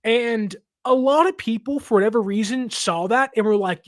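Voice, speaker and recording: A man's voice: very high voice, moderate pace, few pauses, no room sound. A young adult man hosting a sports podcast, talking casually in a chatty way, laughing often and acting out fans' complaints. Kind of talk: casual reaction commentary.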